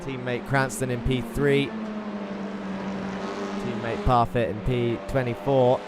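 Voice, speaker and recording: Guy calling a sim race, gets loud and excited, engine noise in the background. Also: mid-range voice, slow. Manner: excitable, chatty, reads out chat messages. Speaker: sim racing commentator. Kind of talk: live esports race commentary.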